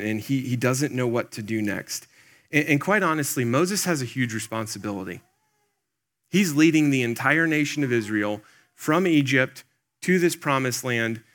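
A man's voice: medium pitch, a bit bright. A man giving a conversational sermon as a pastor, earnest and plain-spoken, talking straight to the congregation with lots of "like" and "um". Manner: earnest, speaks directly to the congregation; loose and plain-spoken, with many "like" and "um".

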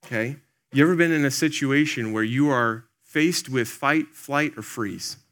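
A man's voice: medium pitch, normal speed, a bit bright. A man giving a conversational sermon as a pastor, earnest and plain-spoken, talking straight to the congregation with lots of "like" and "um". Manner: earnest, speaks directly to the congregation; loose and plain-spoken, with many "like" and "um".

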